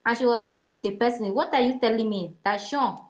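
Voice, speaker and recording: A woman's voice: on the high side, brisk, a little mellow, muffled recording. A woman with a Nigerian accent ranting in an online audio chat, heated and emphatic, repeating her points. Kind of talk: opinionated rant.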